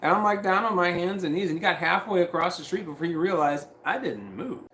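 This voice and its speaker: A man telling a long story on a casual livestream, rambling and profane, with frequent restarts and quoting others in animated voices. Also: sits high, brisk, reverberant, slight background noise.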